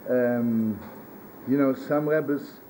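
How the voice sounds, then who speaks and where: A man with a weak voice, a rabbi telling stories in a loose, halting way, sprinkled with Yiddish words. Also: mid-range voice, fairly even intonation, dark tone. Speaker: rabbi and storyteller. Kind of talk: storytelling sermon. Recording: roomy archival recording from a distance, faint hiss.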